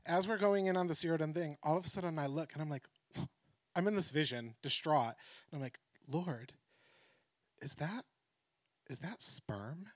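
A man preaches a sermon built around a personal story, his voice a little high and fast, with no echo. He's animated and laughs often, swinging from excited outbursts to hushed reflection.

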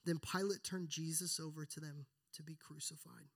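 A man's voice: fairly high pitch, fairly even intonation, moderate pace. A man preaching a sermon, speaking earnestly and reading scripture aloud with feeling. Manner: earnest, builds then drops to hushed prayer.

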